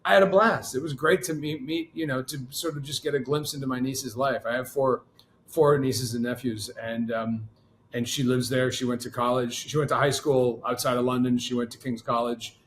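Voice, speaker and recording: A man's voice: mid-range voice, steady tone, moderate pace, a little hiss or hum. Chatty man full of restarts. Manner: rambling, many restarts, enthusiastic. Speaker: guest. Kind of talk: casual interview chat.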